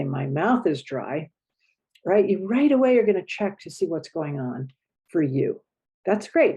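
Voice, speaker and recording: A woman relationship coach explaining a skill to an audience in a gentle, reflective way, acting out feelings with groans. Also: low-pitched, slightly rough. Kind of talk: teaching talk to an audience.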